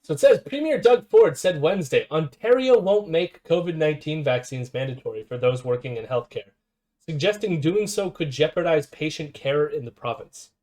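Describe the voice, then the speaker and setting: Man, stream host, sarcastic commentary, animated pitch. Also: normal speed. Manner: sarcastic, laughs often, mocks quoted voices. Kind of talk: casual political commentary stream.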